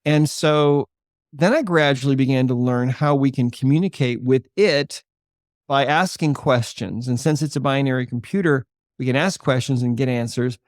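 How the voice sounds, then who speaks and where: In a podcast interview, an older holistic chiropractor explains his work and shares a patient story, earnest and measured, slowing down for emphasis. His mid-range voice comes through as a dry recording with clean studio sound.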